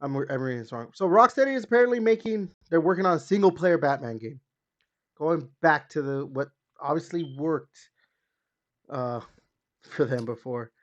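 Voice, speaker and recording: A podcast host chats casually about gaming in an expressive voice at normal speed, hedging with lots of fillers as his pitch rises and drops. The sound is slightly dull and lo-fi.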